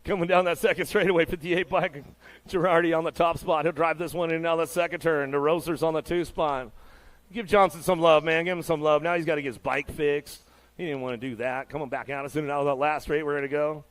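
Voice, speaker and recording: A man calls the race live, rattling off names and positions in a hyped, easygoing patter. His voice sits a little higher than most men's, and he keeps throwing slang into the play-by-play. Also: fairly even intonation, a little fast. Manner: hyped, laid-back slang-filled patter. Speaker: race announcer.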